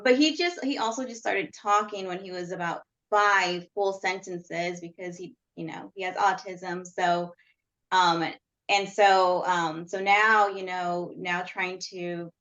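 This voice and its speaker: A woman co-hosting a podcast interview, speaking in a halting, hesitant way. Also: on the low side, fairly bright tone.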